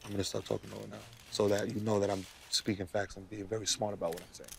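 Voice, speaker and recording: A man's voice: a little hiss or hum, close to an everyday voice. A man doing a smug conspiracy-theorist ballplayer. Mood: ranting. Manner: mock-lofty, deliberately lowering his voice to sound smart. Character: smug, conspiracy-minded male pro basketball star. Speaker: comedy show host. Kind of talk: comedy sketch impression.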